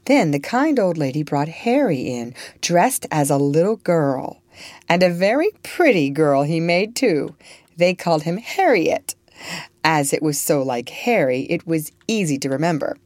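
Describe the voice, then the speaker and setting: A woman reads a classic story aloud in an expressive storybook style. Her voice sits low but moves widely in pitch. The recording is dry and close. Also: unhurried, dry recording. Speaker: narrator. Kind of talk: storybook reading.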